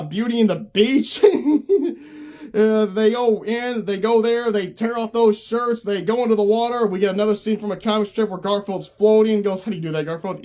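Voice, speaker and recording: A man's voice: high voice, a little mellow. A man casually recapping an old cartoon special, laughing often as he talks. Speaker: cartoon reviewer.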